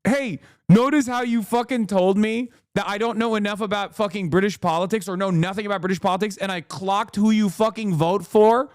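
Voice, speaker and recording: A man's voice: sits high, brisk, hardly any pauses, a little mellow, dry recording, clean studio sound. An American man giving heated, profane and sarcastic commentary while reacting to clips. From United States. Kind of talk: ranting commentary.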